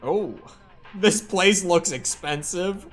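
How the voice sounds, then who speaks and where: A man's voice: sits high, lively intonation, takes it slowly, a bit bright. A man streaming a game, chatting casually with rambling, self-correcting, sarcastic asides. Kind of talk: casual gameplay commentary.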